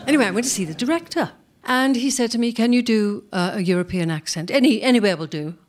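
An older woman telling career anecdotes to a live audience, animated, acting out what people said and laughing often. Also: a little high, fast. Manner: animated, acts out quoted speech, laughs often. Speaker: performer telling career stories.

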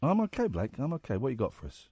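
A man hosting a radio phone-in, teasing a caller and quick to laugh. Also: medium pitch, wildly swooping pitch, dark tone, husky, no echo, studio quality. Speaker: radio host. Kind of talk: phone-in banter. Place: radio studio.

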